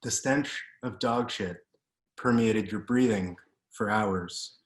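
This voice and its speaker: Deliberate male author reading aloud. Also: on the low side. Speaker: author reading his fiction. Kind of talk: literary reading. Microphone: video call. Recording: roomy echo.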